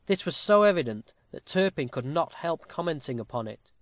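A man reading a classic novel aloud with a steady, formal storytelling cadence, close to the mic. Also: fairly high pitch, moderate pace, no room sound. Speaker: audiobook narrator. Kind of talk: scripted narration of a classic novel.

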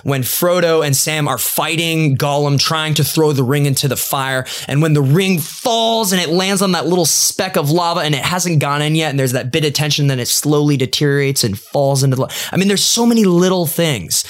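A man with a somewhat high-pitched voice co-hosts a casual movie podcast. He talks with fond admiration and lingers over the small details he loves. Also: normal speed, few pauses. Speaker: podcast co-host.

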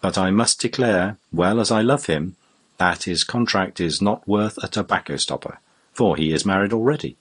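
A man reading the part of a sly, quick-witted male rogue in a classic novel, bold and wheedling. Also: low-pitched, a bit bright, breathy edge. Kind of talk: audiobook character voice.

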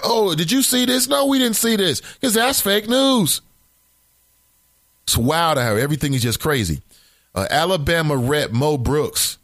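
A man's voice: mid-range voice, fairly bright tone, dry recording. A man hosting a morning radio talk show, giving rambling, opinionated commentary from a studio mic.

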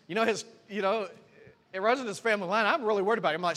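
A man preaching, a pastor telling a personal testimony with animated storytelling, acting out his own conversations. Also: high-pitched, racing. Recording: long reverb of a church hall.

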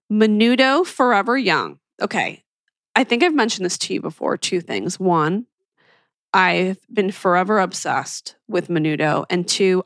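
A woman's voice: lowish voice, dry recording, clean studio sound. A woman podcast host from Philadelphia chatting in a gushing, enthusiastic way as she recommends shows to her listeners. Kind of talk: casual chat recommending shows.

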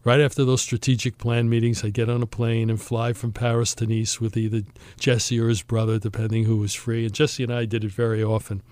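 A male podcast host spins a travel anecdote with relish, slipping into the voices of the people he quotes. His voice sits at an ordinary middle pitch. The sound is close and dry, with no room around it. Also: a little fast, hardly any pauses, dry recording. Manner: animated storyteller, acts out quoted voices. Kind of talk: storytelling chat.

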